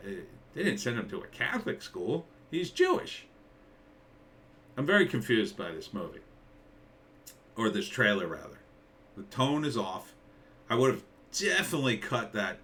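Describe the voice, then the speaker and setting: A man's voice: on the low side, fairly bright tone, far from the mic, slight background noise. A man, a screenwriter, ranting casually about a movie trailer, rambling and incredulous with lots of filler words.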